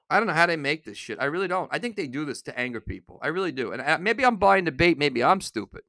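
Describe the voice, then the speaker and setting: A man hosting a podcast alone, delivering an angry, profane rant that bursts into shouting. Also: fairly high pitch, big pitch swings, a little fast, long pauses, no room sound, clean studio sound. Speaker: podcast host. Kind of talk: solo ranting podcast.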